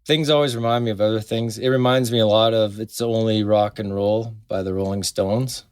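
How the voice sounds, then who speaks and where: A man's voice: lowish voice, steady tone, normal speed, smooth, no echo, clean studio sound. A man co-hosting a podcast, rambling and hesitant with lots of fillers. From Canada. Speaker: podcast co-host. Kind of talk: casual chat.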